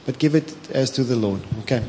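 A pastor with a South African accent, preaching a sermon, telling stories with animation, slipping into Afrikaans and laughing often. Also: male voice, mid-range voice, a little fast, mellow, a little hiss or hum. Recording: long hall reverb with faint ambience.

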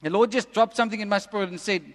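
Man, pastor, emphatic, repeats phrases, high voice, long hall echo. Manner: emphatic, repeats lines slowly for effect. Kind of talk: sermon. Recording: long reverb of a large hall.

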